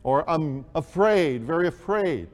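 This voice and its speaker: A man preaching a sermon, slow and deliberate, with emphatic rises on key words. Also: on the high side, lively intonation, in a large hall. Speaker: pastor.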